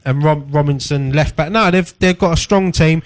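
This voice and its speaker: A man's voice: on the high side, normal speed. A man with a Cockney accent co-hosting a radio show, talking football in an easygoing, jokey way. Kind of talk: casual football chat.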